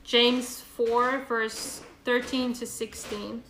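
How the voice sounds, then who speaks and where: A woman's voice: a little high, level tone, extremely slow, a bit bright, reverberant, a little hiss or hum. A woman leading a Bible study over a video call, chatty and earnest, with many fillers and restarts. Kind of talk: casual online Bible study teaching.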